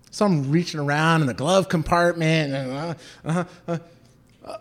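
A man's voice: on the high side, normal speed. A man from Southern California telling a personal story, acting out the voices of the people in it. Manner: animated, acts out quoted voices.

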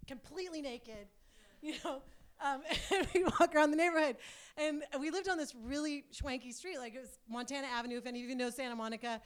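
High-voiced woman telling a rambling story. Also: clean tone. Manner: rambling, filler-heavy, chatty. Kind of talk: casual personal storytelling.

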